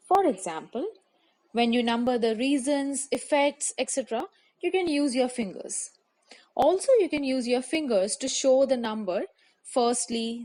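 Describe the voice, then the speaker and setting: A woman teacher with an Indian English accent, giving a measured, scripted lesson on public speaking and listing her points one by one. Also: fairly high pitch, a little mellow. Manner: measured, instructive, enumerating points.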